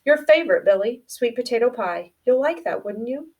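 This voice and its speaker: A woman doing a gentle comforting mother. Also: a little high, expressive, normal speed, distant mic, highs cut off, voice pushed up. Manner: soft and soothing.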